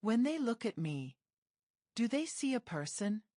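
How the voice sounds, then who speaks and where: A woman's voice: a little high, very animated, measured pace, dark tone, dry recording, clean studio sound, voice pushed up. A woman narrator voicing a hurt, defiant young woman who speaks in an emotional, questioning way.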